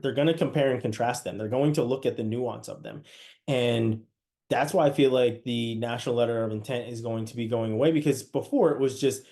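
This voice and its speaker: Male podcast host, casual and chatty, mid-pitched, talks in loose asides. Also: a little fast, dark tone. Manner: conversational, many restarts and asides.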